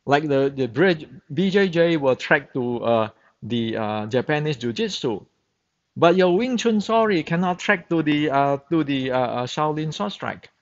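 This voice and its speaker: Man, native Chinese speaker, blunt lecturing instructor in broken English, slow unhurried delivery, muffled lo-fi recording. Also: fairly high pitch, lively intonation. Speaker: Wing Chun instructor. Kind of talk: opinionated monologue. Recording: dull, muffled lo-fi sound.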